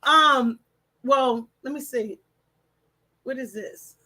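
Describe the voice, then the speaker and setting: Chatty high-voiced woman hosting a livestream. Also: takes it slowly. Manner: chatty, warm greetings, stumbles over names. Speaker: livestream host. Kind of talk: casual livestream chat, reading comments aloud.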